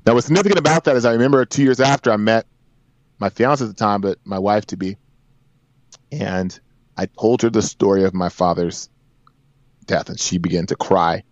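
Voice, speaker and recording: A man's voice: fairly low pitch, normal speed, pauses often, no room sound. A man in his forties, a podcast guest, telling a personal story in an earnest, emphatic way with repeated phrases. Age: 40s. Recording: dry, dull lo-fi sound.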